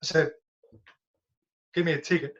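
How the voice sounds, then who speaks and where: A man recounting old fights in a relaxed, chatty way, laughing and cursing freely. His voice sits fairly high. The recording sounds dull and lo-fi. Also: moderate pace. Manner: animated anecdotes with laughs and swearing. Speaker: guest, former professional fighter. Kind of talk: casual storytelling.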